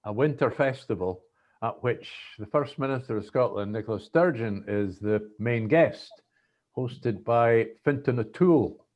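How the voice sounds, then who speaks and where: A man hosting a casual political discussion, briskly steering the talk between topics. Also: medium pitch, a little mellow, muffled recording. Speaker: host.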